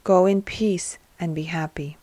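A woman voicing a compassionate male teacher who speaks gently and firmly to the poor. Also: high voice, steady tone, no echo. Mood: gentle. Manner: gentle, measured, firm.

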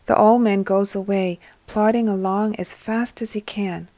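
A woman narrating a devotional story in a steady, measured reading voice. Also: mid-range voice, dry recording.

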